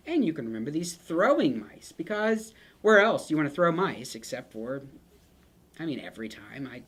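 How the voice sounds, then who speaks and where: Lively, chatty nursing instructor. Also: mid-range voice, breathy edge. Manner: chatty and joking, with playful asides to students. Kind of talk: casual lecture with picture mnemonics.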